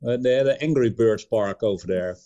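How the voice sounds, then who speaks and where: A Dutch man with a Dutch accent, a guest telling a travel story in casual chat, halting and restarting words. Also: medium pitch, mellow, highs cut off. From Netherlands. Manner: halting, restarts mid-word.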